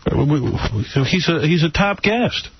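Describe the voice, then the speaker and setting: A middle-aged male radio host with a husky voice and a lively pitch that jumps around as he teases and rants bluntly. The sound is dull and lo-fi, like an aired broadcast. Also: moderate pace. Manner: blunt, teasing, animated. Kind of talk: casual radio banter.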